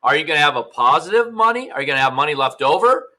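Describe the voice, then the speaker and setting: A man's voice: a little high, expressive, fast, bright, forceful tone. A male teacher giving a recorded math lesson, casual and upbeat, talking straight to his students.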